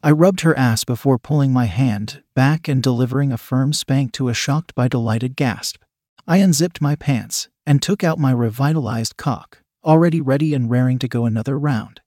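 A man narrating a first-person erotic story in a slow, measured storytelling manner. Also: mid-range voice, darkish tone, no echo, studio quality.

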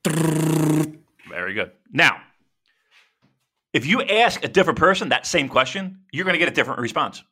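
Husky and fairly high-pitched, this wrestling podcast co-host talks at a moderate pace and pauses often. He swears and rambles through animated stories, all while dealing with a sore shoulder.

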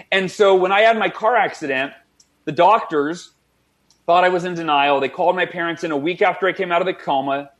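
A man in his forties, a guest author on an interview show, telling a personal story with energy and quoting others as he goes. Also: fairly high pitch. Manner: energetic, fast storytelling with quoted voices.

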